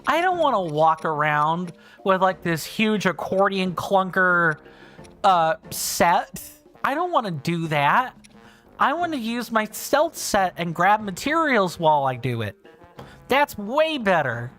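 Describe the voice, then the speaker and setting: A man's voice: high voice, big pitch swings, slow, sharp tone, soft background music. A man chatting casually and rambling while livestreaming a video game, thinking aloud and restarting sentences. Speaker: streamer. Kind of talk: casual livestream chat over gameplay.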